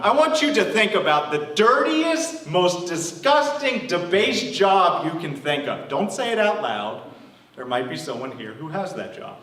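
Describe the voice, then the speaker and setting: A male pastor preaches to his church, telling a parable like a story and acting out the characters. His voice sits a little high and swings widely in pitch. He sounds set back from the mic, in a roomy, echoing hall. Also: a bit bright. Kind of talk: sermon. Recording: echoey room, from a distance.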